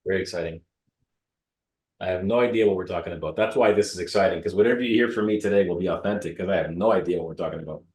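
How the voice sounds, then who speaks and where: A man in his thirties from Canada, a realtor telling stories in an interview, animated and joking. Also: low-pitched, racing, reverberant. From Ottawa, Canada. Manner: animated, joking, swears casually. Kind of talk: casual storytelling in an interview.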